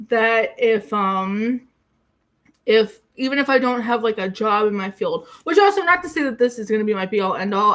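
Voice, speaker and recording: A young woman chatting casually on a livestream, rambling with lots of fillers and restarts in an excitable way. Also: mid-range voice. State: getting emotional. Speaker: YouTuber on a livestream.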